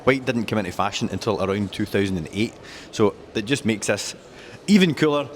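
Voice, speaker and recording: A man's voice: lowish voice, expressive, brisk, slight background noise. A man presenting cars at a dealership in casual, jokey chat, rattling off specs with enthusiasm. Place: car dealership.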